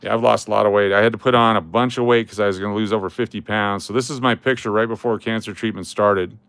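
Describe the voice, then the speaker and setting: Smooth-voiced man chatting casually and joking. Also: fairly low pitch, steady tone, quick pace, a bit bright, no room sound. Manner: rambling and joking, with chuckles and trailing restarts. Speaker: coin collecting channel host. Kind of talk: casual vlog chat while scrolling through photos.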